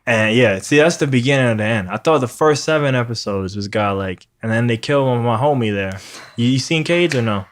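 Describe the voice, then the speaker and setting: A man's voice: mid-range voice, brisk. Profane, rambling New man. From New York. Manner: profane, rambling, animated storytelling. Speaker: podcast host. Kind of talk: casual chat.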